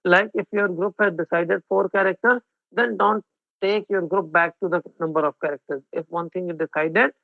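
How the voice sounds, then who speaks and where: High-voiced Indian English teacher, phone-thin. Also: male voice, steady tone, normal speed, vocal fry, no echo. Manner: mixes Hindi and English, checks in with students. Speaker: exam coaching teacher. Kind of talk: online class lecture. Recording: phone-like narrow band, dry.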